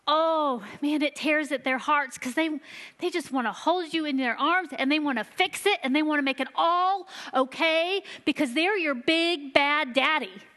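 A woman giving a sermon to a church, telling stories earnestly and slowing down for emphasis. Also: high-pitched, pushed and bright. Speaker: church children's ministry leader. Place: church sanctuary. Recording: long reverb of a large hall.

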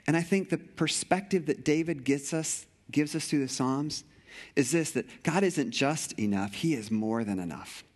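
A man's voice: a little high, normal speed. A middle-aged male pastor preaching a sermon with passion, repeating phrases and often restarting sentences.

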